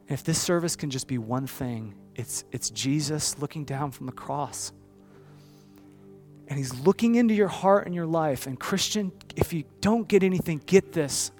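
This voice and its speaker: A man in his thirties preaching a sermon, with a storytelling delivery that swings from hushed to loud. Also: mid-range voice, moderate pace, soft background music. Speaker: pastor.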